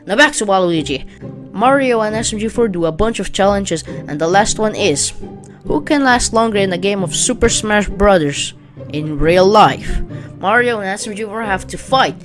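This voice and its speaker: A woman talking through a long plot recap at a middling pitch, in a steady, matter-of-fact tone. Soft music sits faintly underneath her voice. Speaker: narrator summarizing a web series. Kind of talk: read-aloud plot summary.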